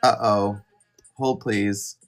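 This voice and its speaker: A man hosting a casual live stream, chatting in a rambling way with quick asides to his viewers. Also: lowish voice, fairly even intonation, soft background music. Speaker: livestream host.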